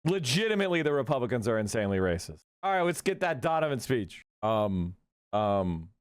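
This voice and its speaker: A man hosting a political livestream, talking in a casual, profane, animated way with rapid asides. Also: mid-range voice, clear, resonant tone.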